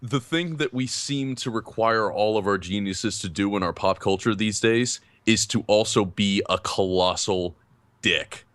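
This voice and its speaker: A man co-hosting a podcast reviews a film casually, sounding animated and self-deprecating and laughing often. His voice is lowish and unhurried, and the recording is dry.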